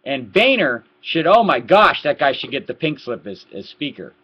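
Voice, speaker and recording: A man giving a heated political rant to his webcam, repeating words and swinging from low muttering to loud outbursts. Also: very animated, moderate pace, breathy edge. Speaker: political vlogger. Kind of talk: ranting webcam commentary. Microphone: laptop webcam mic. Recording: lo-fi laptop webcam audio.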